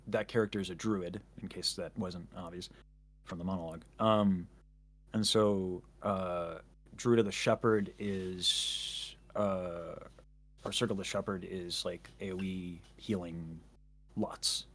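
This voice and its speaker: A man's voice: low voice, steady tone, unhurried, a bit bright. A man chatting casually as a guest, rambling and self-interrupting with jokes. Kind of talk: casual chat.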